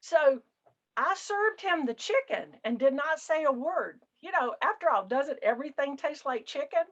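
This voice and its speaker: An older woman, an author and retired flight attendant, telling funny work anecdotes in an animated, jokey way over a video call. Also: high-pitched. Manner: animated, jokey, acts out passengers. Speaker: author presenting her book. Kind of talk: lively anecdotal storytelling. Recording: dull lo-fi video call audio.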